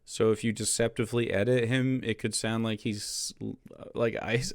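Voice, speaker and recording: A man's voice: mid-range voice, expressive, moderate pace, no room sound, studio quality. A man streaming live political commentary in a sarcastic, profane way, laughing often as he reacts to clips.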